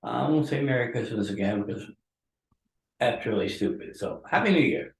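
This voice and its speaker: A man rambles through a grumbling solo monologue, sounding groggy and worn from pain medication. His voice sits in a middle pitch and carries the hollow ring of a room. The mic is a little distant, and faint music plays underneath. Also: normal speed, gravelly. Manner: ranting and grumbling. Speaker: podcast host. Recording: roomy echo from a distant mic.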